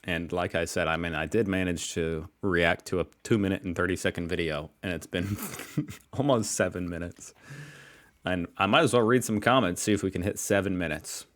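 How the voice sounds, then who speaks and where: American man, low-ish voice, General American accent, loose self-mocking reaction host. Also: normal speed. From Pittsburgh, United States. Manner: joking, rambling, self-deprecating. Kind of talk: casual reaction commentary.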